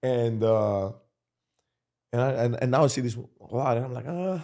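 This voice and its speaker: A man's voice: medium pitch, normal speed. Laid-back man in casual sports chat. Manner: animated, repeats himself, restarts sentences. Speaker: podcast host, former basketball player.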